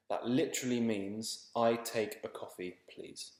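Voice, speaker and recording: A man teaching beginners in a relaxed, chatty and reassuring way, often repeating his words. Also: lowish voice, a little slow, few pauses, echoey room. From England. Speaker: language teacher. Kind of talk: casual spoken lesson.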